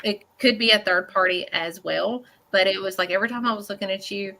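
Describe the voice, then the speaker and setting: A woman working as a psychic medium, giving a live reading to a caller in a halting, earnest way. She uses many fillers, often checks in with "okay?", and speaks bluntly. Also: mid-range voice, pushed and bright.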